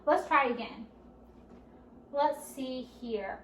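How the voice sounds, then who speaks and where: A woman leading a children's storytime at a library, speaking slowly and encouragingly and asking the children questions as she goes. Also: sits high, expressive, fairly bright tone, slight background noise. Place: library room. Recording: roomy, distant camera audio.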